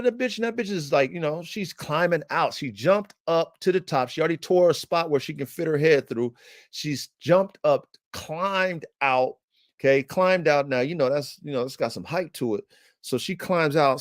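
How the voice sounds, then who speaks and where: A man hosting a podcast, telling a story in an animated, heated way, swearing and using lots of slang and fillers to his listeners. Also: a little high, dry recording, studio quality. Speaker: podcast host. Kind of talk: casual livestream storytelling.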